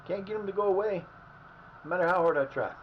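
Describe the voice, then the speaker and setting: A man with a hoarse, fading voice who streams from his house. He rambles between chatter about the game and his day, swearing freely at his players. The audio is slightly muffled, with a faint hiss behind it. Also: high-pitched, fast. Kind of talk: live gameplay commentary.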